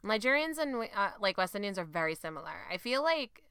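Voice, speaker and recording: Young woman podcast host, super animated, bright crisp voice, dry sound. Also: mid-range voice, fairly quick, no room sound. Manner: lively, laughing, mimics her mom's voice. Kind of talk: casual podcast chat.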